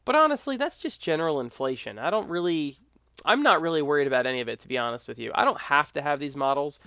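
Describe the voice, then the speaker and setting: An American man with a slightly raised pitch hosts a casual podcast and rambles on in an easy, chatty monologue. He stops and restarts his sentences as he thinks aloud. The recording is dry and close, with no room sound. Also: expressive, fast, dry recording, dull audio. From United States. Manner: rambling, self-correcting, conversational. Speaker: podcast host.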